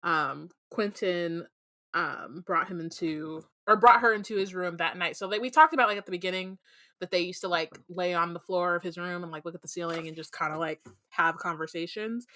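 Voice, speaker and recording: Bright-voiced woman podcast host. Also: lowish voice, fairly quick, no echo, clean studio sound. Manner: chatty, many fillers, laughs often. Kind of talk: casual book discussion.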